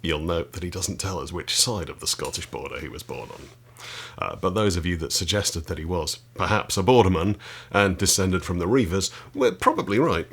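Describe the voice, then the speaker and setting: A man's voice: sits low, normal speed, fairly bright tone, slightly rough. A man reading aloud from an old book and breaking off for dry, wry asides to his viewers. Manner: dry, wry asides between read passages. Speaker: channel host reading from a historical book.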